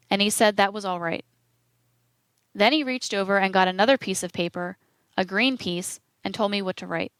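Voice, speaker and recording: A woman narrating an audiobook of court testimony in a measured, even manner, reading the quotation marks aloud. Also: mid-range voice, clear, resonant tone, no room sound.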